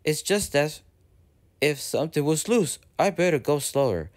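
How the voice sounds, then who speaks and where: A man's voice: fairly high pitch, animated, moderate pace, a little mellow, pitched above the performer's own voice, close to an everyday voice. A man voicing a proud, boastful big male steam engine who grumbles pompously. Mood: uneasy.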